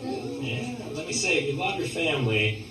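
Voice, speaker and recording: A male stand-up comic with a high, lively voice, delivering punchy bits and putting on voices. He sounds distant and echoey, recorded live in a comedy club with audience laughter loud behind him. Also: normal speed, noisy background.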